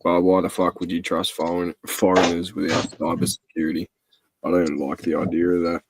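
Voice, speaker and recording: A very deep-voiced man speaks on a live stream. His delivery is flat and level with little melody. A faint noise sits under his voice. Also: brisk. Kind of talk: casual chat on a live stream.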